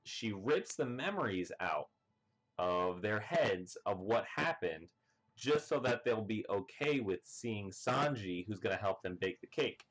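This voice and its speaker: A fairly low-voiced man rattles through a comic chapter recap in a loose, rambling way. He leans on filler words and keeps slipping into the characters' lines with eager energy. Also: measured pace. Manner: rambling, full of "you know" and "like" fillers; excited, acts out characters' lines. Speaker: manga reviewer.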